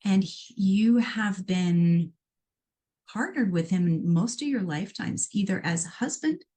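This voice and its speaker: Hosting a live call-in show as a psychic medium, a middle-aged Iowa woman speaks in a mid-range voice without hurrying. She reads listener questions out loud and answers them animatedly and chattily, with lots of playful asides.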